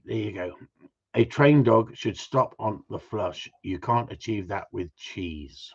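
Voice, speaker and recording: A man's voice: fairly low pitch, slow, muffled recording. A man who trains gundogs, chatting on a casual livestream in a blunt, ranting way with mild swearing.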